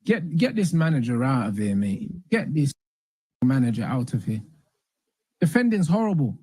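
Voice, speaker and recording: A man's voice: medium pitch, very animated, moderate pace, a little mellow, husky, no room sound. A man reacting to a match, complaining about bad defending with exasperated repetition. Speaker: fan in reaction clip.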